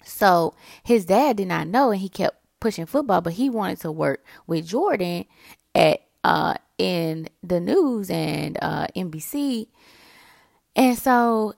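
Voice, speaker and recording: A woman's voice: lowish voice, lively intonation, unhurried, creaky, darkish tone, no room sound, studio quality. A woman hosting a podcast, talking casually and motivationally to her listeners, addressing them as y'all. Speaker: podcast host. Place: indoors, early morning.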